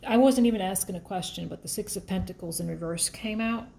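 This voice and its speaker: A woman's voice: medium pitch, quick pace, creaky, dark tone, a little hiss or hum. A woman giving a casual, emotional tarot reading, thinking aloud as she shuffles and pulls cards. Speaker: tarot reader.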